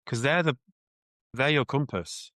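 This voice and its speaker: A man's voice: medium pitch, a little slow, fairly bright tone, no echo. A man with a British accent, a mindset coach answering interview questions in an earnest, reflective way, often restarting his sentences.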